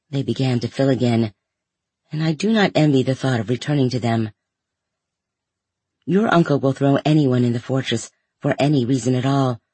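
A man reading a first-person story aloud in a measured, even way. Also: medium pitch, breathy edge, no echo. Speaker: audiobook narrator.

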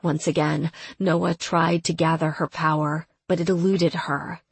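Low, husky-voiced woman narrating a story. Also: no room sound. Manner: measured, steady storytelling. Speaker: audiobook narrator. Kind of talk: scripted narration.

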